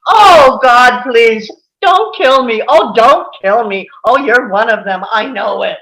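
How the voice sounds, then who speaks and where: A woman's voice: medium pitch, moderate pace, gravelly, sharp tone, poor audio. A woman reading the part of a frightened male villain posing as a hostage, stammering and pleading in a table read over a video call. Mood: scared, pleading.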